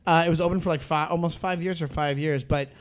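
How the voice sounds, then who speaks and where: A man with a somewhat high voice, a guest comedian in relaxed chat. He rambles through his memories and restarts his sentences often. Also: quick pace. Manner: rambling, self-correcting storyteller. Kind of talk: casual chat.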